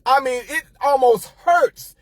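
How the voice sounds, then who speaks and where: A middle-aged man with a high voice tells a church story in a lively, chatty way, often laughing and talking straight to his audience. His voice is close and dry, with no room sound. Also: unhurried, dry recording. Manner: animated, laughing, addresses listeners as y'all. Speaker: host. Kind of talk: casual storytelling monologue.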